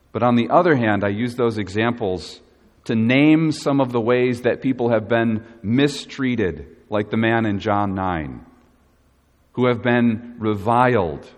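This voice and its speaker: A man preaching a sermon as pastor, earnest and measured, leaning hard on key words. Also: mid-range voice. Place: church. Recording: long reverb of a church hall.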